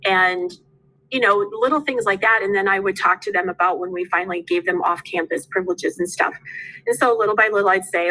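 A woman's voice: medium pitch, a little fast, bright, forceful tone, rough recording. Woman, middle-aged, teacher, casual chat, storytelling.

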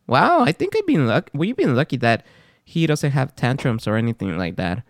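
Male podcast host, casual chat, very animated pitch, dry close sound, laughs a lot. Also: moderate pace, dry recording. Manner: animated storyteller, laughs often.

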